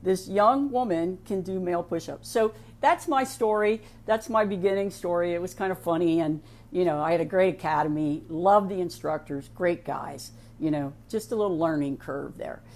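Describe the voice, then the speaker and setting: A woman's voice: on the low side, normal speed, few pauses, a little mellow. A middle-aged woman with an Ohio accent, speaking casually on a program, peppering her talk with "you know" asides and restarts. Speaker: sheriff's office veteran speaking on a program. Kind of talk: casual monologue with a personal story.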